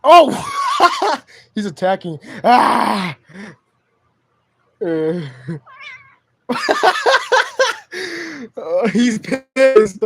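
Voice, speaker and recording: A man's voice: high-pitched, animated, extremely slow, long pauses. A young man live streaming from home on his phone, chatting to his cat in slangy, profane speech. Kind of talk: casual live stream chat.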